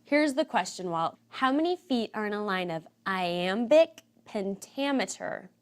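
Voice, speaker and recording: A woman hosting a comic quiz show in a brisk, exasperated way. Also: medium pitch, expressive.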